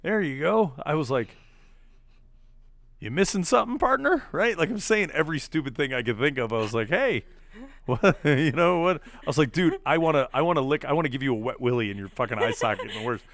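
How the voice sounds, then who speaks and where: A man's voice: mid-range voice, animated, quick pace, a bit bright, no echo. A young man on a podcast, his voice climbing and dropping all over as he tells a rowdy story. He swears freely and keeps slipping into voices for the people he quotes. The recording is dry and close. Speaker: podcast host. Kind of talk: casual storytelling chat.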